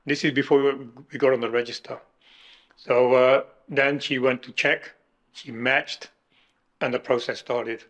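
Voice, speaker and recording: A middle-aged man recounting his kidney transplant in an emotional interview, halting and restarting as he speaks. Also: medium pitch, level tone, a bit bright. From United Kingdom. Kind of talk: emotional personal account.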